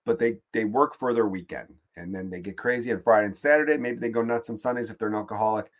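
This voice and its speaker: A man's voice: fairly low pitch, quick pace. Crude rambling podcast man. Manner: crude, rambling, swears freely. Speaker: podcast host. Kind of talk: casual comedic monologue.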